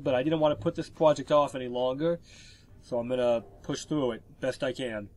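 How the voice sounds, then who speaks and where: A man with a cold-stuffed voice talks through a video game walkthrough, casually explaining the gameplay with plenty of fillers. He's a fast talker with a medium pitch and a slightly mellow sound.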